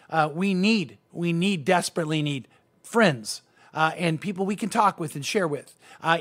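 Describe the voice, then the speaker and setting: Guy pastor preaching, kinda high voice, earnest, lots of uh and restarts. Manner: earnest, emphatic, with many restarts and fillers. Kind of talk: sermon.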